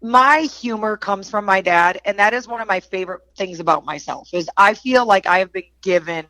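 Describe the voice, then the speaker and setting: A woman's voice: mid-range voice, moderate pace, bright, forceful tone, no room sound, poor audio. A middle-aged woman from Wisconsin with a Wisconsin accent, a podcast guest chatting casually and animatedly, laughing often. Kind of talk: casual chat.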